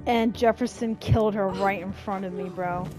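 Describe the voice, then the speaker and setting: A woman's voice: medium pitch, fairly even intonation, normal speed, over music. A woman giving let's play commentary, swearing freely and reacting emotionally with slang. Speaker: gaming streamer.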